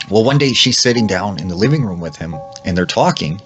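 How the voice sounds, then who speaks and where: Faint music sits behind this man as he briskly recounts a creepy story, his low, expressive voice acting out quoted lines and dropping "like" constantly.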